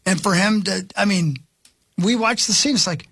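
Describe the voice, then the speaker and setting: A man's voice: high-pitched, moderate pace, vocal fry, bright, forceful tone, slightly rough. A man co-hosting a radio show, retelling an interview with enthusiastic, rambling energy. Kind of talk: casual on-air banter.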